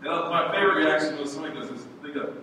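Animated man preaching in an echoey church. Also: fairly high pitch, racing. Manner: animated storytelling, acting out voices. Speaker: pastor. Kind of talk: sermon. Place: church hall. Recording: echoey hall from far off, noisy.

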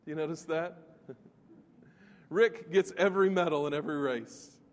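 A man with a somewhat high voice preaches a sermon with emphatic conviction. He keeps turning to the congregation with questions. His words ring out with the long reverb of a large hall. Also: moderate pace. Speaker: pastor.

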